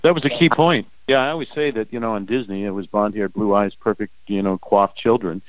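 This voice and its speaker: An older man and former game show host, telling animated anecdotes in a casual interview, often acting out quoted voices. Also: fairly low pitch, brisk, dry recording, narrow, tinny audio.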